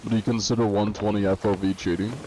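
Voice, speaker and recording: A man chats casually through a live gaming stream, reading out viewer comments and tossing back joking answers with the odd chuckle. His voice sits somewhat low and sounds warm and mellow, picked up on a desk mic with a faint hiss of noise underneath. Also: little pitch movement, fast. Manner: reads viewer comments aloud and answers them offhandedly. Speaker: live streamer playing a pirate game.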